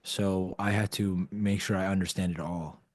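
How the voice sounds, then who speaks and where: A man talking as a podcast guest in a casual storytelling style, animated, acting out the dialogue he quotes and often saying "like". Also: deep voice, moderate pace, no echo, clean studio sound. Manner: animated storyteller who acts out quoted dialogue, frequent "like" fillers.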